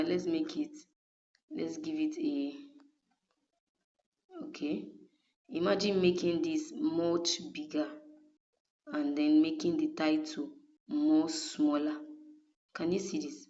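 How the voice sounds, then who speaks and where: A woman's voice: low voice, steady tone, takes it slowly, long pauses, mellow. A woman teaching graphic design in a patient, step-by-step way, often checking in with her viewers. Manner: patient, repeatedly checks in with "okay?". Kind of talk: screen-recorded design tutorial. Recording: dull lo-fi recording.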